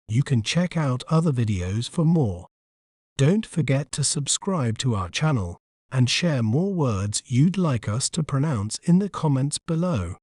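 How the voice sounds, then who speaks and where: A man giving a pronunciation lesson, saying a word slowly and breaking it into syllables with careful, deliberate enunciation. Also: medium pitch, expressive, darkish tone, dry recording, studio quality. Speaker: pronunciation tutor.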